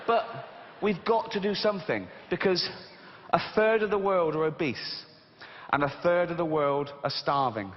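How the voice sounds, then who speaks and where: A man with an English accent doing a stand-up comedy routine on stage, lively and mocking, swearing freely. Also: fairly high pitch, moderate pace, slight background noise. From Britain. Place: large theater on stage. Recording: dull live hall recording with reverb.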